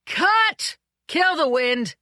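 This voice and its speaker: A reader voicing a loud, irritable male film director who shouts orders. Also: mid-range voice, expressive, normal speed, no room sound, studio quality. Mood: shouting. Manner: shouting orders through a megaphone, profane.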